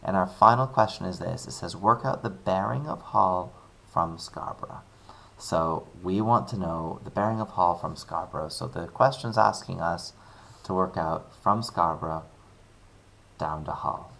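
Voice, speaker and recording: Walking through a worked example in a screen-recorded maths lesson, this male teacher stays chatty and upbeat, thinking aloud with playful asides. His voice sits low, gravelly and a bit bright, and he takes his time.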